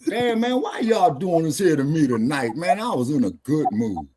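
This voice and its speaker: A man's voice: on the high side, sing-song, normal speed, background noise. Combative, profane man hosting a stream. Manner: combative, profane, taunting the chat. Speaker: show host. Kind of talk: heated live-stream debate.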